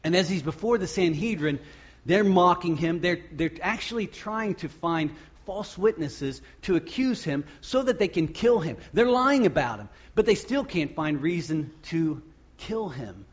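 Husky-voiced animated male preacher. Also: fairly high pitch, a little slow, muffled recording. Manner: animated, acts out the crowd's shouts and quotes. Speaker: pastor. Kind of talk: sermon.

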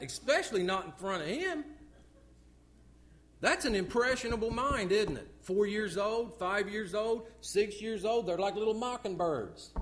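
A middle-aged man preaching a sermon in church, swinging from loud outbursts to hushed, low asides. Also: lively intonation, measured pace.

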